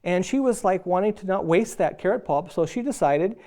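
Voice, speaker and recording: A man's voice: high voice, a little fast. A middle-aged man preaching a sermon on marriage, acting out quarrelling spouses as he tells stories. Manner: animated storyteller acting out both spouses.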